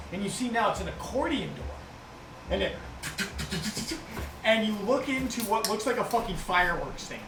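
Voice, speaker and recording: A man's voice: high-pitched, roomy sound, distant mic, low-quality recording. A man narrating a tabletop game as game master, rambling and swearing freely.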